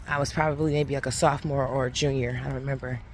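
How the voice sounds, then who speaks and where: A woman's voice: rumbling low, flat delivery, fast talker, slight background noise. A woman reflecting on faith and telling a personal story in a casual, earnest way, rambling and restarting her sentences. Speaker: faith vlogger.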